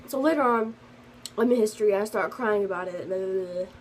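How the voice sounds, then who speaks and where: A woman's voice: medium pitch, a little fast, slight background noise, low-quality recording. Chatty teenage girl telling a story. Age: teens. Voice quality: sensitive, earnest storytelling. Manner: rambling, chatty with many fillers and restarts. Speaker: vlogger. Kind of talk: casual storytime vlog.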